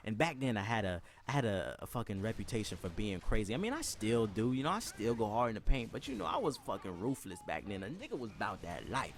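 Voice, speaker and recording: Animated young man telling a profane story. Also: lowish voice, fast, hardly any pauses, a little hiss or hum. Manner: animated, profane, laughs often, acts out voices. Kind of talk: comedic storytelling.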